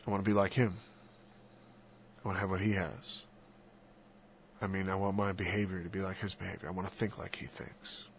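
A man's voice: low-pitched, level tone, slight background noise. Earnest, rambling man on faith. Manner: earnest, rambling, halting, with soft whispered asides. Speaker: Christian speaker. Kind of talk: casual religious discussion. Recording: dull lo-fi dry recording.

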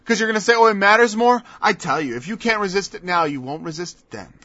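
A man's voice: high-pitched, lively intonation, fast, pushed and bright. A man preaching a sermon in an emphatic style, firing off mocking rhetorical questions. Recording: dull lo-fi dry recording.

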